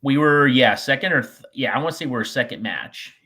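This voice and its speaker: A man's voice: mid-range voice, a little fast. A man on a podcast telling a rambling, profane story from his wrestling days, acting out what people said. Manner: animated, profane anecdote-telling with acted-out quotes. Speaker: podcast co-host, former wrestler. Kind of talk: casual storytelling chat.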